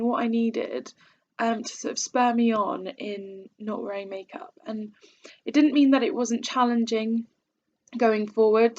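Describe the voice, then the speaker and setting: Young woman telling a faith story, kinda high voice, earnest and halting, muffled lo-fi sound. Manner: earnest, hesitant with many fillers. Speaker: vlogger. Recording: dull lo-fi sound.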